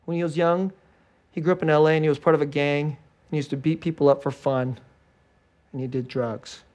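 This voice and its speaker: A male pastor preaching a sermon in an animated way, acting out little scenes and laughing often. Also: on the high side, fairly quick, lo-fi sound. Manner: animated, acts out scared and joyful voices, laughs often.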